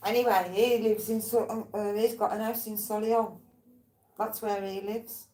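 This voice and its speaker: A woman's voice: mid-range voice, little pitch movement, moderate pace, mellow. A woman in casual chat, telling meandering, tangent-hopping stories and swearing freely. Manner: rambling, tangential storytelling with swearing. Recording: roomy, faint background ambience.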